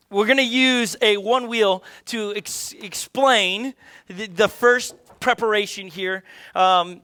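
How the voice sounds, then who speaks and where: A middle-aged pastor preaches with a high, bright voice. He talks in a loose, excitable way, stumbling over restarts and acting out little asides. His delivery stays energetic and conversational throughout. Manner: energetic, restless, with many restarts and quoted asides. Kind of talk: sermon.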